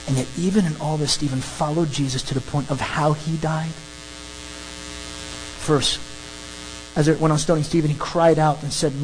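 A preacher giving an animated, emphatic sermon that works through a scripture passage. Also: mid-range voice, background noise. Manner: animated, emphatic, acts out crowd scenes.

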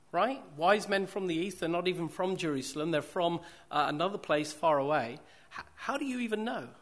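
A man's voice: fairly high pitch, a bit bright. A man preaching a sermon, repeating phrases for emphasis and posing rhetorical questions to the congregation.

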